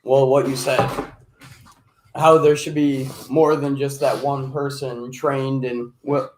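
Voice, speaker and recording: A man taking part in a casual podcast chat who works his way through his points slowly and hesitantly, using many fillers. His voice sits at a middle pitch. The room is echoey. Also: flat delivery, darkish tone, a little hiss or hum.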